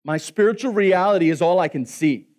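Preacher guy doing a panicky prophet man, voice way up high, pleading he's the only one left. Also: expressive, fairly quick, darkish tone. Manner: pleading, emphatic. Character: distressed male prophet, self-pitying, feels alone.

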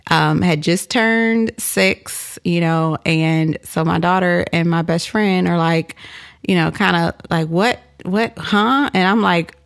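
Woman in her thirties, low and gravelly, chatty storyteller full of fillers. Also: takes it slowly. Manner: animated, chatty, lots of "like" and "you know". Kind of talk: personal storytelling.

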